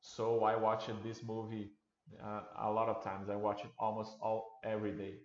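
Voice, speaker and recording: Halting man, low voice. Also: completely flat delivery. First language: Portuguese. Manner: halting, many restarts and fillers. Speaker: livestream host. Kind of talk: casual livestream chat. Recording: roomy, dull lo-fi sound.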